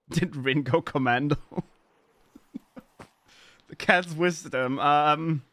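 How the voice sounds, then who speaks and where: A man's voice: on the high side, very slow, bright, forceful tone, dry recording. A man from Germany with a German accent, chatting casually with his live-stream audience, playful and swearing freely as he riffs on chat messages.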